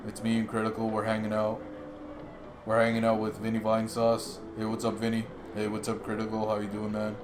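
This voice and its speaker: A man doing an impression of a relaxed male game streamer, with a low, casual drawl. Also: close to an everyday voice. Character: laid-back male game streamer greeting viewers.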